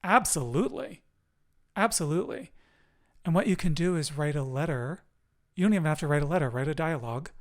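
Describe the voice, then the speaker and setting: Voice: mid-range voice, lively intonation, a little fast. A podcast host speaking in an affirming, encouraging and emotive way during a casual chat.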